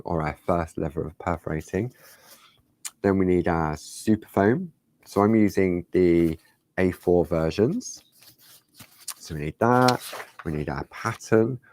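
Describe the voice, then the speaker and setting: A man's voice: deep voice, a little mellow, no room sound. A man hosting a casual craft demonstration, chatty and rambling, often turning to viewers with rhetorical questions. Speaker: craft show host.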